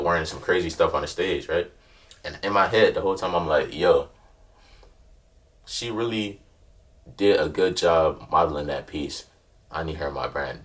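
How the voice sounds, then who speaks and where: A man's voice: deep voice, a bit bright, recorded from a distance. A young man casually telling a story in slang, constantly checking in with the listener. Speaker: vlogger.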